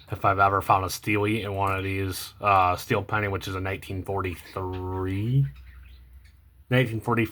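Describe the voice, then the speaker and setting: A young man talking casually about coins as he sorts them, rambling and hesitant with many ums and self-corrections, often trailing off quietly. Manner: low-key, trails off quietly at phrase ends. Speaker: coin collecting vlogger. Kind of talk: casual unscripted commentary while sorting coins.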